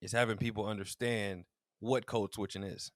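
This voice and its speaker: At a normal speed and with a voice on the low side, this podcast co-host tells stories casually, acting out the quotes and laughing often. The recording is dry with clean studio sound, and his storytelling is animated.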